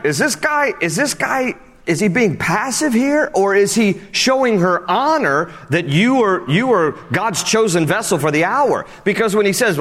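A man preaching a sermon in a conversational way, reading scripture slowly and acting out the quotes. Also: on the high side, fairly bright tone, in a large hall.

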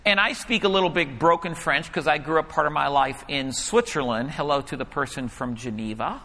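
A male pastor preaching a sermon and telling a story, animated at times and hushed when he quotes a prayer. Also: on the high side, brisk, vocal fry, a little hiss or hum. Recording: hall reverb.

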